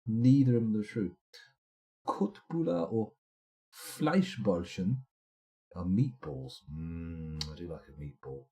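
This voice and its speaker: A man's voice: low-pitched, lively intonation, slow, dark tone. A man streaming a game live, chatting and rambling to himself as he plays. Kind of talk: live let's-play commentary.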